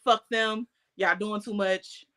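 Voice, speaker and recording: A woman co-hosting a podcast, telling stories in casual chat with heavy swearing and loud outbursts. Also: medium pitch, fairly even intonation, slow. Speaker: podcast co-host.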